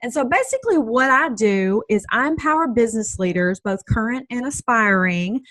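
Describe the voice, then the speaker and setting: A woman's voice: on the high side, no room sound. A middle-aged woman with a Southern US accent, chatting upbeat as an interview guest and laughing often. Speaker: guest, business coach and speaker. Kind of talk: casual interview chat.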